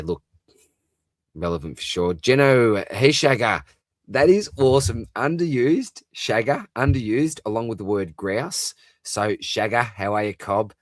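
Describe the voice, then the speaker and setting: A man's voice: sits low, dry recording, clean studio sound. An Australian man hosting a live stream, chatting casually and upbeat as he reads out viewers' comments, laughing easily. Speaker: livestream host.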